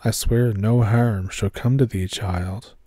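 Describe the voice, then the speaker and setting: A sly, menacing male creature of the woods, put on by a man, rough and raspy, drawing out each word slowly. The voice sits low and mellow, and the sound is dry and close. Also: steady tone, no room sound. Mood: solemn.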